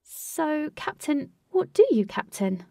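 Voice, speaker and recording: A woman's voice: high voice, sing-song, slow, creaky, dark tone, no room sound, far from the mic, pitched above the performer's own voice, full character voice. A woman doing a bold playful young woman. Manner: upbeat and playfully teasing. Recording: dry, voice set back from mic.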